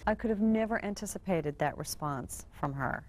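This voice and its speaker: A woman telling her own story in an interview, quick and halting, acting out quoted dialogue. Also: medium pitch, animated, darkish tone, a little hiss or hum. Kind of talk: personal storytelling.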